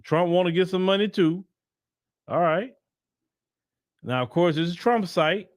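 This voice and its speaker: The solo host of a political commentary show talks a little slowly in a high male voice, clicking through websites on screen. His tone is emphatic, with rhetorical question after rhetorical question and sarcastic remarks mixed in. There's no echo, and the sound is studio quality.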